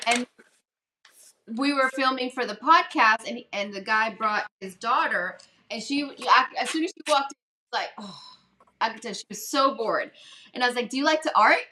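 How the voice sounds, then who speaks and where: A woman's voice: a little high, moderate pace, sharp tone, a little hiss or hum. A woman hosting a casual live craft stream, telling a story in a chatty way and acting out what people said. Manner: chatty storytelling, acts out quotes. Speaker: host. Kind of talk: casual livestream craft chat.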